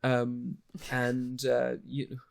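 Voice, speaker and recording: A man's voice: medium pitch, completely flat delivery, extremely slow, vocal fry. A man co-hosting a podcast, chatting casually about a horror film, rambling with many fillers and restarts. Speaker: podcast co-host.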